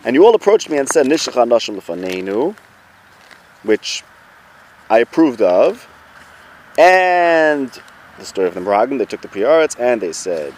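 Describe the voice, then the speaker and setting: A man teaching a Torah lesson in a relaxed, conversational way, his mid-range voice rising and falling with lively movement. He thinks aloud, circles back and poses questions to his listeners. Faint traffic noise hums in the background. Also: medium pitch, moderate pace, pauses often.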